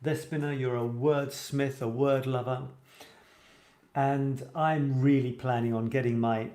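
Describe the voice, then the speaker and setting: A man's voice: mid-range voice, fairly even intonation, measured pace, dark tone. A man hosting a live show about writing, chatting casually and reading viewers' comments aloud with enthusiasm. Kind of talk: casual live-stream chat. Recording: roomy echoey sound.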